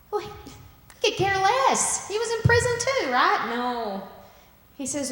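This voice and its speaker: A woman preaching a sermon and retelling a story with lively acted-out voices. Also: high-pitched, normal speed. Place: church sanctuary. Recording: echoey church hall.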